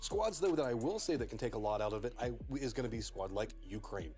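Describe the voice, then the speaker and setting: A man's voice: mid-range voice, lively intonation, quick pace, warm tone, faint music behind. A man breaking down esports matches on a live panel in an analytical way.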